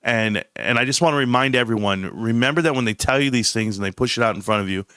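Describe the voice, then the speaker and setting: A man's voice: medium pitch, quick pace, pushed and bright, clear, resonant tone, no echo, studio quality. Blunt rambling man livestreaming. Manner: blunt, rambling, self-interrupting. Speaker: stock livestream host. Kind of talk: casual livestream commentary.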